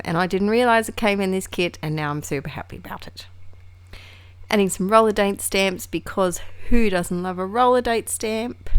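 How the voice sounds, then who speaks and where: This woman's voice is on the low side with a fairly bright tone, recorded with no echo. She's a scrapbooking crafter giving casual vlog narration, chatty and meandering, full of laughs and asides.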